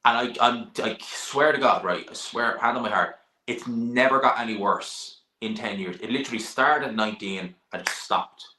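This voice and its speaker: A man's voice: mid-range voice, normal speed, bright, forceful tone. A young man, hosting a casual live stream, reading viewer questions and chatting bluntly about boxing. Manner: chatty, blunt, sighs and laughs, swears now and then. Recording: echoey room.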